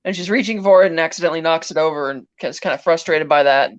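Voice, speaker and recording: Fast and medium-pitched, this podcast co-host gives a chatty, rambling scene-by-scene recap of a film, full of "he's like" quotes. The recording lacks room sound and has its highs cut off.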